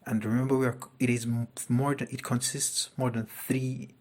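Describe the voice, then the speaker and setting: A man teaching a grammar lesson. He talks deliberately and repeats each example sentence twice. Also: mid-range voice, flat delivery.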